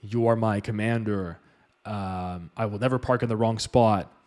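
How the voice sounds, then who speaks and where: A man's voice: fairly low pitch, steady tone, normal speed, a little mellow, natural voice. A man voicing a commanding, self-styled enlightened male acupuncturist who talks down to people. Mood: solemn. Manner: bossy, calls everyone man.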